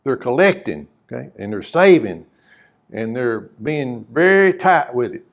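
A man's voice: medium pitch, big pitch swings, unhurried. Folksy preacher man. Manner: folksy, conversational preaching with rhetorical questions; reads scripture aloud in old-fashioned wording. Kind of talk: sermon.

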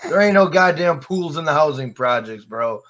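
A man's voice: on the high side, animated, moderate pace, over a noisy crowd. A man guest on a podcast, chatting casually and swearing often, laughing through his stories. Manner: profane, laughing storyteller. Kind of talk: casual chat.

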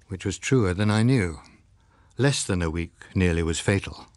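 Reading scripted narration from a novel, this male audiobook narrator pitches his voice low and tells the story in a measured, expressive way. The recording is dry, with clean studio sound.

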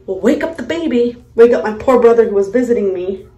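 A woman's voice: on the high side, expressive, brisk, mellow, dull audio, faint music behind. A young woman, a mother, telling a story in a casual vlog while doing her makeup, blunt, profane and exasperated. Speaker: vlogger, mother. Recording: echoey room.

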